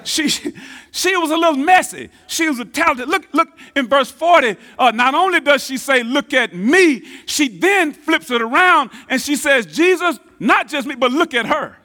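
A preacher delivers a sermon in a strikingly high, lively voice. He swings from booming emphasis down to hushed asides and drives his points home by repeating key phrases. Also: moderate pace. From Texas, United States. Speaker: pastor.

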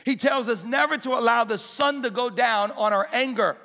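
A pastor preaching a sermon with emphatic, repeated exhortations in a church. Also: male voice, very high voice, moderate pace, pushed and bright, big-room sound.

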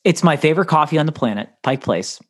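A man's voice: on the high side, animated, fast, fairly bright tone. A man co-hosting a podcast in casual chat, rambling and joking with frequent laughs. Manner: rambling, jokey, laughs often. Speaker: podcast co-host.

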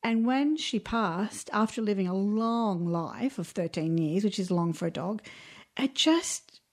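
A woman's voice: mid-range voice, unhurried. A woman co-hosting a casual podcast. She talks candidly and from the heart, with frequent ums and restarts. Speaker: podcast co-host.

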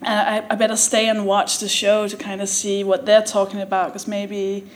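A Danish woman comedian, guest on a live podcast in a theatre, delivers a funny story in a mid-range, monotone voice. Between frequent laughs and quick asides she acts out what people said, and the live audience laughs along.

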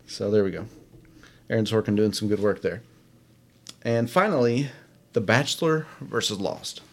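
A man's voice: on the low side, normal speed. A man hosting a casual solo show, rambling and self-deprecating with many fillers. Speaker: podcast host. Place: home studio, alone.

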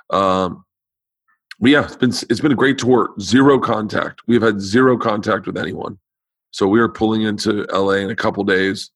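A man with a fairly low voice hosts his podcast in loose, casual chat. His voice sounds worn out and has no push behind it. He rambles, stumbles and restarts his sentences, all in a dry, close sound. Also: no room sound. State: tired voice with no power behind it. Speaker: podcast host.

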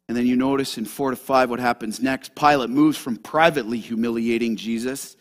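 A man preaching a sermon as a pastor, swinging from loud shouted lines to hushed asides. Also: medium pitch, steady tone, fairly quick.

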